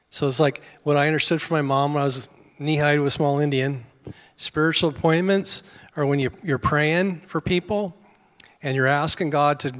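A man's voice: on the high side, a bit bright. A man preaching a sermon as pastor, folksy and conversational with self-deprecating humor. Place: church sanctuary. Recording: long hall reverb.

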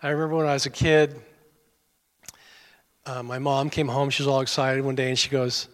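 A man's voice: mid-range voice, steady tone, a little fast, long pauses. A man preaching a sermon as pastor, folksy and conversational with self-deprecating humor. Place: church sanctuary. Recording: long hall reverb.

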